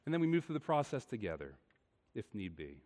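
A man's voice: lowish voice, very animated, fast. Pastor man preaching in a reverberant hall. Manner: earnest, rising and falling between quiet and emphatic. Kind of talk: sermon.

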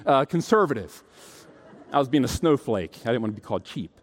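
A man preaching a sermon, telling stories in an animated way and acting out the voices of the people he quotes. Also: medium pitch, brisk. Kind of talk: sermon with storytelling. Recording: long hall reverb.

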